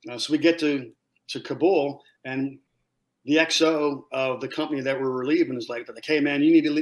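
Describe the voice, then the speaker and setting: Man, somewhat high voice, casual interview storytelling, animated, swears, acts out quotes. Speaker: guest, former Marine scout sniper.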